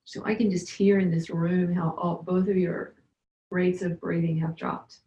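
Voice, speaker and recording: A woman practitioner calmly guiding listeners through simple energy medicine exercises. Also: lowish voice, a little slow, highs cut off. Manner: calm guiding instructions. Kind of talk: instructional talk. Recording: roomy echo.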